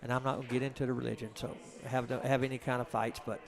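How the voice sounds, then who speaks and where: Music plays behind a rapid-fire, creaky man's voice of medium pitch that hardly moves up or down. He's from Georgia, USA, with a Southern accent, giving rambling, jokey commentary on a live pool stream.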